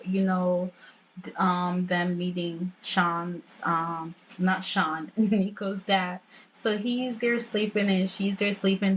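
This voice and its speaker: A woman's voice: mid-range voice, dull audio, a little hiss or hum. Chatty young woman commenting on her game. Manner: chatty, addresses viewers directly. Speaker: gaming channel host. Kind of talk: let's play commentary.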